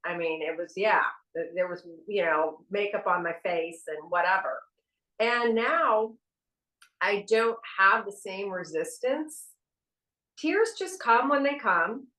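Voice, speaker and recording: A woman's voice: mid-range voice, animated, slow pace, bright, forceful tone. A middle-aged woman co-hosting a casual spiritual podcast chat, candid and frank, swearing freely. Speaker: podcast co-host. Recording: echoey room.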